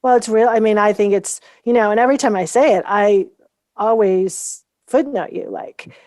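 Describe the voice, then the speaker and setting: A woman speaks as a guest in a relaxed interview, her voice at a middle pitch. She tells her story with energy and acts out what people said to her. The sound is dry and close, with no room around it. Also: normal speed, no echo. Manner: animated storyteller acting out quoted dialogue. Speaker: guest, founder of a coaching method.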